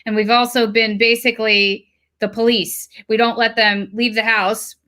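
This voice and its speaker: A woman's voice: fairly high pitch, little pitch movement, moderate pace, sharp tone. A woman co-hosting a livestream, chatting casually, sharing home stories and prompting with questions.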